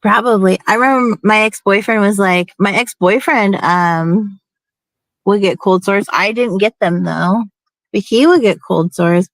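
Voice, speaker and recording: A woman's voice: mid-range voice, unhurried, dry recording. A young woman with a feminine, youthful voice, rambling and laughing often in casual chat as a stream host.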